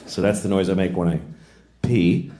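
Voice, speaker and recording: A middle-aged male stand-up comedian telling stories in a deadpan, self-deprecating way and acting out voices. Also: low-pitched, normal speed. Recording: echoey live club recording with noise.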